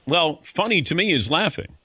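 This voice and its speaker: A man hosting a radio interview in casual chat, quick to laugh and asking short questions. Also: a little high, expressive, pushed and bright, slightly rough.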